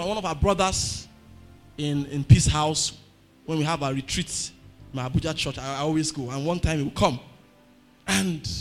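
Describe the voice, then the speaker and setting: A man with a Nigerian accent preaching a sermon, telling stories and breaking into shouted emphasis. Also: high-pitched. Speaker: pastor.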